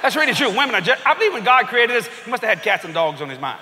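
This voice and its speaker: A man preaches with bright exuberance, his unusually high voice swooping widely as he shouts, laughs and acts out scenes. He is recorded live in a large, reverberant church hall. A congregation can be heard around him. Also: very animated, very fast, slight background noise. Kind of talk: comedic sermon.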